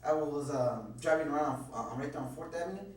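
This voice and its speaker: Rapid, stammering frightened man, echoey room. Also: a little high. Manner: stammering, repeats himself, heavy cursing. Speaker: interviewee questioned by police. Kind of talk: nervous rambling account. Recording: echoey room, distant mic, faint hum.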